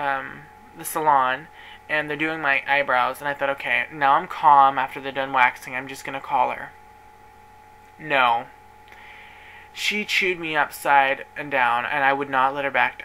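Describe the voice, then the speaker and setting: Young man vlogging a personal story, emotional and rambling, very bright voice, faint hiss. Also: a little high, poor audio.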